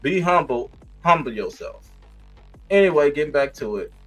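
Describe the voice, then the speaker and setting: A husky, fairly high-pitched man speaks at a moderate pace over faint music on a rough recording. Reviewing a reality show in a casual commentary rant, he's profane, sassy and animated, and laughs often.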